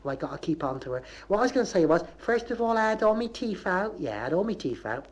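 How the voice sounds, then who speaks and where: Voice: mid-range voice, sing-song, fast, close to an everyday voice. A comic performer voicing a rambling Bristol housewife and mum who keeps scolding her dog, on a 1970s comedy record.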